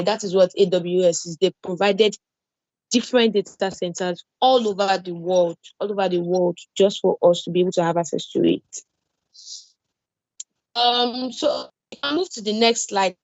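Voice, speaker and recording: A woman's voice: lowish voice, dry recording, lo-fi sound. A woman with a Nigerian English accent teaching an online cloud security class, repeating key points and reassuring with everyday examples. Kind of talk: online training lecture.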